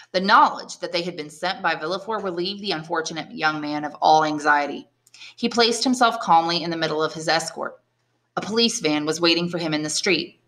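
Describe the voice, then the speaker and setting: A woman, an English teacher, reading a classic novel aloud in clear, measured narration. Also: low voice, a bit bright. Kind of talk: audiobook reading.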